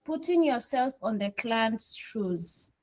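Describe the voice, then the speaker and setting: A woman's voice: a little high, lively intonation, slow pace, darkish tone, dry recording. Woman student answering in class.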